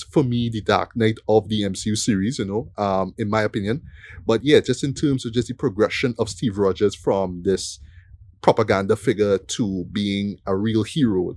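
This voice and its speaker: A man's voice: on the low side, darkish tone, no echo. Rambling man hosting a film chat. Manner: rambling, many fillers and tag questions. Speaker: podcast host. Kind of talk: casual film review chat.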